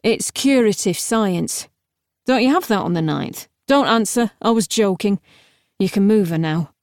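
A woman's voice: mid-range voice, lively intonation, measured pace, darkish tone, no echo. A woman reads a young male necromancer scholar with a dry, clipped, matter-of-fact manner. His voice sits in a middle register and is recorded close and dry, with no room around it. It fits an audiobook. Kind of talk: audiobook character voice.

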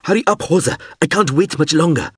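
A man voicing a frightened young shuttle pilot, shouting in a high, panicked voice. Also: lively intonation, fairly quick, breathy edge, dry recording, clean studio sound. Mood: frantic.

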